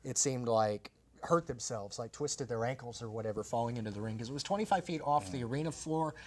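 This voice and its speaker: A man's voice: medium pitch, brisk. A man hosting a casual panel chat, telling stories with energy and putting questions to the others. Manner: animated storyteller, asks others questions.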